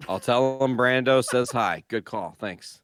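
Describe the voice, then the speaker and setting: A man's voice: medium pitch, measured pace, a bit bright, no echo. A man co-hosting a casual podcast, joking crudely and rowdily with his friends. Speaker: podcast co-host.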